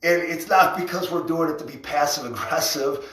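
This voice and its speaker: A man's voice: fairly high pitch, steady tone, normal speed, a bit bright. A man hosting a casual motivational livestream, giving a rambling, enthusiastic pep talk about rallies, often breaking into laughs. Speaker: livestream host and rally organizer. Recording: echoey room, far from mic.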